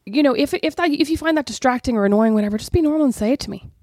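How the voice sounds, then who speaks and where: A woman in her thirties co-hosts a podcast, rattling off stories at a quick clip. She is candid and self-mocking, swearing freely. Her voice sits close and dry, with no room around it. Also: sits high, lively intonation, a little mellow, no echo. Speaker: podcast co-host. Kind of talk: casual sisters' chat.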